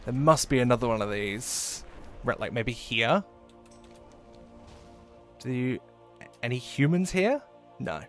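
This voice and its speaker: A man's voice: mid-range voice, slow, long pauses, soft background music. A man chatting casually while live-streaming a game, rambling and swearing freely.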